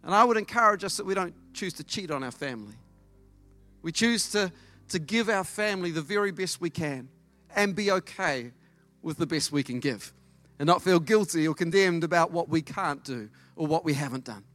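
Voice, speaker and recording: A middle-aged man preaching a sermon as pastor, lively and storytelling, acting out dialogue. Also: fairly high pitch, normal speed, faint music behind. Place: church service.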